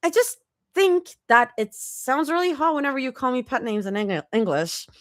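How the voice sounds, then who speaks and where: Lady putting on a squeaky flustered young woman, whiny and stammery, dry close mic. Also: lively intonation, normal speed, no room sound. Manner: high, loud, stammering outbursts.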